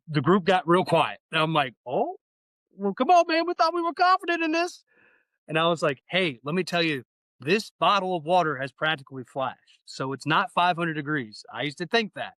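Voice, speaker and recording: A man's voice: fairly high pitch, bright, forceful tone, no room sound, poor audio. A man in his thirties, a fire training instructor, talking enthusiastically and casually as a podcast guest, acting out conversations. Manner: enthusiastic, slangy, acts out dialogue.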